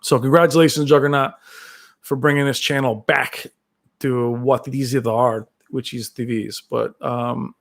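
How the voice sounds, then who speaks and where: A man's voice: medium pitch, level tone, measured pace, creaky. A man hosting a casual live-stream chat, reading viewer comments and rambling on with many fillers and restarts. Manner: does brief movie-quote impressions. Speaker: tech channel host reading live chat.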